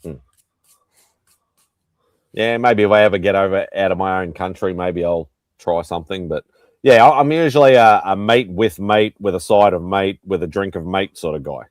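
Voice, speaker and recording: A man's voice: low voice, normal speed, dry recording. A man hosting a casual livestream chat, joking and rambling as he talks. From Australia. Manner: joking, rambling, laughs often. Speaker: host.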